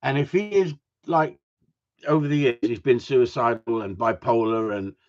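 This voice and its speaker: Speaking at normal speed in a mid-range, somewhat mellow voice, a middle-aged live streamer talks casually with his viewers, cursing frequently and laughing a lot. The sound is dull and lo-fi.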